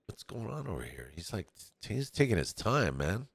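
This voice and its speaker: A man's voice: on the low side, very animated, normal speed, vocal fry, husky, no room sound. A man from California giving laid-back, chatty commentary on a pool match, often laughing as he talks. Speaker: stream commentator.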